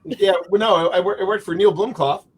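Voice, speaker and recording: A man's voice: high-pitched, a little fast, slight background noise, rough recording. A man on a video call telling jokey stories as a livestream guest. He acts out the people he quotes. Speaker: guest author. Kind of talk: casual storytelling on a livestream.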